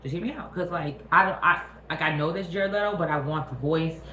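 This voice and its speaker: A woman's voice: deep voice, a little fast, slight background noise. A woman hosting her own channel, ranting casually and profanely about a movie while checking in with the viewer. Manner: animated, profane, talks straight at the viewer. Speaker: vlog host. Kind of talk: casual movie review rant. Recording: roomy echo.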